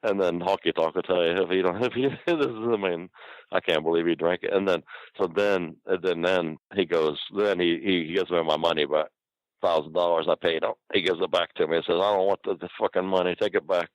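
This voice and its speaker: A man's voice: low-pitched, fairly even intonation, fairly quick, dry recording, rough recording. An older man telling profane, rambling stories in a casual interview, often laughing mid-sentence. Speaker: guest storyteller.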